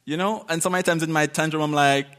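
Male preacher, conversational and animated, fairly high voice, laughs now and then. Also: quick pace. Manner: conversational, animated, acts out quotes, laughs often. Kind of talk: informal sermon.

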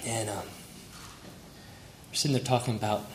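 A man's voice: fairly low pitch, fairly even intonation, normal speed, slight background noise. A young man speaking at a memorial, sharing fond, heartfelt stories about a family friend and chuckling through them. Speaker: family friend giving a tribute. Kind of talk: memorial tribute speech. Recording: roomy hall with faint ambience.

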